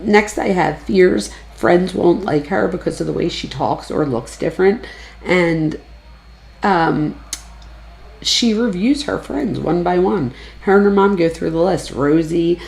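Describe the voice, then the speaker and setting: A woman's voice: lowish voice, creaky, darkish tone. A woman giving casual, analytical true crime commentary, chatting freely and lifting her voice when she quotes people.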